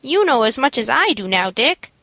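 A woman reading as an earnest, soft-spoken boy. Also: sing-song, normal speed, no room sound, exaggerated voice. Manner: low, conscientious, gently protesting.

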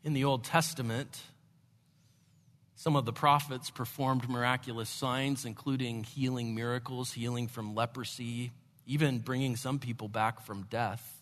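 A man preaching a sermon, expressive, moving between hushed and emphatic delivery. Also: mid-range voice, normal speed. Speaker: pastor. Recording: long hall reverb.

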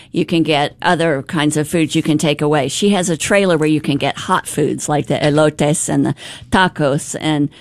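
A woman with a notably low voice talks warmly and at length on a radio show, with plenty of ums and uhs. Her studio mic sounds close and dry. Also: no echo. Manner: chatty, enthusiastic, many fillers. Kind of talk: casual live radio talk. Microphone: studio microphone.

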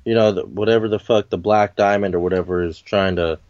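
A man's voice: lowish voice, fairly even intonation, a little fast, a little mellow, dry recording, highs cut off. A man in casual chat about a comic book, laid-back and profane.

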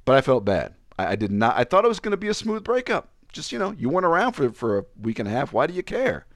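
A man's voice: medium pitch, very animated, fast, no echo, clean studio sound. A man hosting a podcast, telling a personal story in casual chat, self-mocking and laughing often. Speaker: podcast host.

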